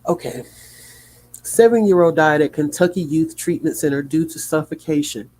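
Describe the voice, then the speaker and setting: A man's voice: fairly high pitch, a little mellow. Sleepy man reading news aloud. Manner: reads haltingly with small slips and asides. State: sleepy, yawning. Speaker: livestream host.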